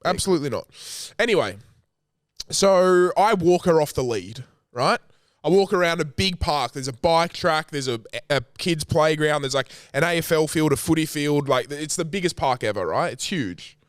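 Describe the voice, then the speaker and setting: A man's voice: fairly high pitch, lively intonation, normal speed, dry recording. An Australian man co-hosting a podcast in a studio, telling a story in casual chat and swearing freely. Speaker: podcast co-host.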